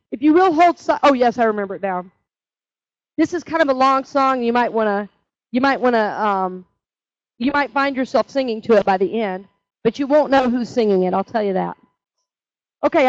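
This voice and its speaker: High-voiced woman leading a church class. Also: no echo. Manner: chatty, with frequent "right?" asides. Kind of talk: casual teaching in a church class. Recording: dull lo-fi dry recording.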